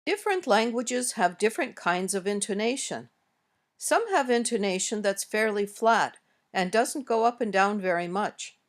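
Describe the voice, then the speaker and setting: An American woman reading a scripted English lesson, modeling sentences slowly and carefully as a teacher. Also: mid-range voice, animated. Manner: slow, careful, clearly modeled example sentences. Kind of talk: scripted instructional narration.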